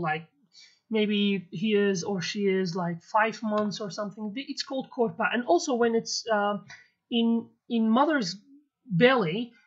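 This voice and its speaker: In a casual video lesson, a language teacher who speaks Kurdish natively and has a Kurdish accent goes through vocabulary word by word, repeating each term. Her medium-pitched voice is full of fillers and checks of "okay," captured in dull lo-fi audio.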